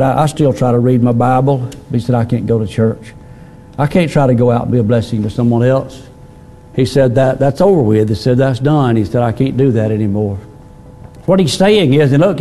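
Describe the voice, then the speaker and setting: Male pastor, middle-aged, mellow tone; folksy sermon delivery with restarts and fillers. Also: mid-range voice. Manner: plain-spoken, repeats words, many fillers.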